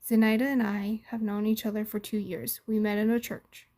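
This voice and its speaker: A woman's voice: mid-range voice, little pitch movement, normal speed, mellow, close to an everyday voice. A woman voicing a nervous young man who is a pastor in a story, speaking hesitantly and timidly.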